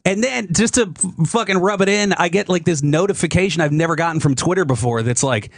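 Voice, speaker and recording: A man, a comedy writer, chatting on a radio talk show and telling animated stories, jumping his voice up high when he acts out quotes. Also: brisk, no room sound. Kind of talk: casual radio talk, storytelling.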